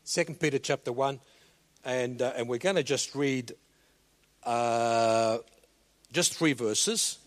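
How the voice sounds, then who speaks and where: A male preacher, giving an animated sermon and telling a story, often repeating words as he starts a sentence. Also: medium pitch, takes it slowly, long pauses. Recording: long reverb of a large hall.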